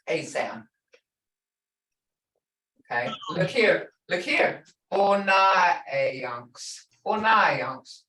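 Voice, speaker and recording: A woman language teacher explains slowly, going over each example word again and again. She sits some distance from her mic, so the voice sounds roomy and a little far off. She is patient and clear. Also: low voice, a bit bright. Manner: slow, patient explaining with repeated example words. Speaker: language instructor. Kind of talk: online language lesson.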